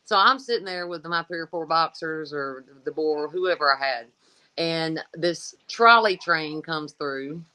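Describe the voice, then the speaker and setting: A woman's voice: low-pitched, unhurried, sharp tone, poor audio. A middle-aged woman dog breeder in a casual interview, talking in a blunt, folksy way and swearing freely.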